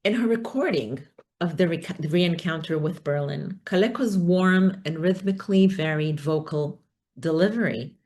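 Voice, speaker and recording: A woman's voice: lowish voice, darkish tone. A woman giving an academic talk, thoughtful and hesitant, with many fillers. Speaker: academic speaker. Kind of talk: conference talk.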